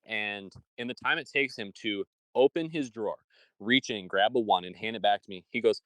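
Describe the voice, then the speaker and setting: A man's voice: fairly low pitch, moderate pace, a bit bright, no echo, rough recording. A young man from Michigan with a Michigan accent, co-hosting a casual podcast chat and telling rambling, profanity-laced stories. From Michigan, USA. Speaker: podcast co-host.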